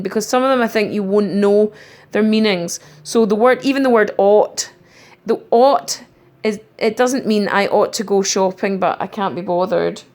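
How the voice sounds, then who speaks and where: A middle-aged woman gives a recorded spelling lesson at an unhurried pace. Her pitch sits mid-range as she carefully spells out letters and pauses on ums. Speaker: primary school teacher.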